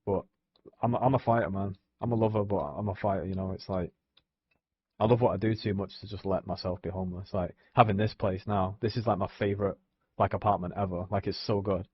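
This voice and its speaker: A man's voice: deep voice, steady tone, fairly quick, husky, no echo, muffled recording. A young man, rambling casually on a live stream, swearing often and filling gaps with "you know what I mean". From England.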